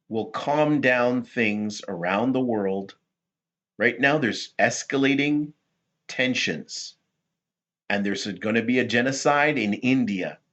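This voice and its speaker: A man hosting rambling political commentary, talking in a rhetorical, animated way. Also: mid-range voice, highs cut off. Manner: animated, rhetorical, laughs at his own points.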